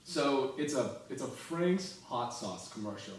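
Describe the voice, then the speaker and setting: A man co-hosting a comedy podcast, pitching a sketch in loose storytelling and laughing often. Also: animated, a little slow. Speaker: podcast co-host. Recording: echoey room, mic far off.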